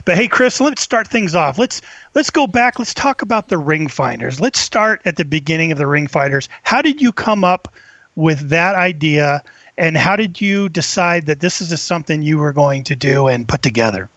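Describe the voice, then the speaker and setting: A man's voice: a little high, expressive, moderate pace, fairly bright tone, no room sound, dull audio. A male co-host on a radio show, upbeat as he puts questions to the guest. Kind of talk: casual radio show talk.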